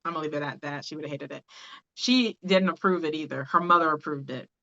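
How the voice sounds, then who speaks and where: A woman's voice: low voice, quick pace, sharp tone, muffled recording. A woman from the American South hosting a podcast, talking casually and animatedly with frequent laughs. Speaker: podcast host. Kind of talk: casual chat.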